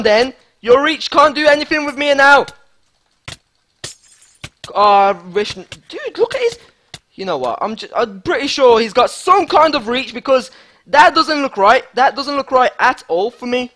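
A man giving excitable live gameplay commentary as a gaming YouTuber, hyped and repeating himself. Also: extremely high pitch.

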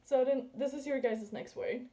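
A woman's voice: high-pitched, fairly even intonation, normal speed, heavy background noise. Giggly woman host. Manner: giggly, chatty, swears casually. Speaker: YouTube host. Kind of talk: casual chat.

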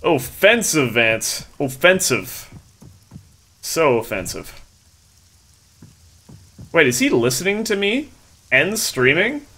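A man's voice: a little high, big pitch swings, slow pace, pauses often, sharp tone. Joking man streaming a game. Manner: joking, loose, talks to chat while playing. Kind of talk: casual gaming stream chat.

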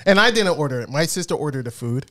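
A man hosts a casual podcast, telling animated stories in heavy slang. His voice sits a bit high and the sound is close and dry. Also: fast talker, no room sound. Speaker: podcast host. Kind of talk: casual chat.

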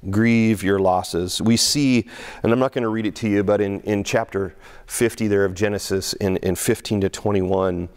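A man's voice: steady tone, normal speed, gravelly, darkish tone, clear, resonant tone. A middle-aged male pastor preaching a conversational sermon, often restarting and repeating words, and acting out quotes in a raised voice. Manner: acts out quoted speech with raised pitch.

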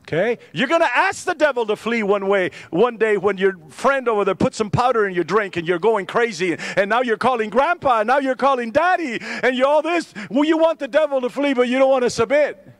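An older man, a pastor, preaching a sermon in a church, animated and joking with some irony and many restarts. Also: extremely high pitch, fairly quick, few pauses, no room sound. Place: church sanctuary.

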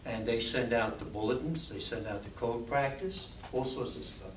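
A man's voice: medium pitch, moderate pace. A man giving an informal talk to a club meeting as a guest speaker, chatty and often asking the audience questions. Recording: echoey room, distant mic, faint noise.

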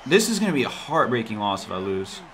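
A man calling his own basketball video game as he plays it. His voice swings widely in pitch, dropping to low mutters and jumping to excited yells. He talks straight to the players on screen. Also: fast talker. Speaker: gaming YouTuber. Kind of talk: live gameplay commentary.

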